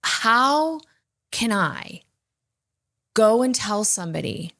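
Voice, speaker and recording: A woman's voice: on the high side, sing-song, slow pace, gravelly, a bit bright. A woman co-hosting a faith podcast, telling personal stories in an earnest, emphatic way. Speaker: podcast co-host. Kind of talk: candid faith talk.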